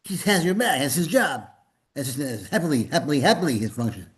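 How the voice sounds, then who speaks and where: A man's voice: fairly high pitch, big pitch swings, fairly quick, husky. A man leading a spiritual gathering and giving an informal, rambling sermon, often repeating words and slipping in jokes.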